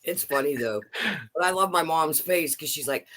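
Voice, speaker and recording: A man with a slightly high voice chats casually, telling stories with lots of energy. He acts out quotes from the people around him as he goes. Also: normal speed. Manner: animated storyteller, acts out quotes. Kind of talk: casual chat.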